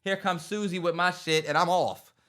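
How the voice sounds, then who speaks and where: A young man chats on a podcast with a high, bright voice. He tells his stories with animation, acting out the people in them and laughing along. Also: fairly even intonation, normal speed. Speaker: podcast co-host. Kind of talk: casual storytelling chat.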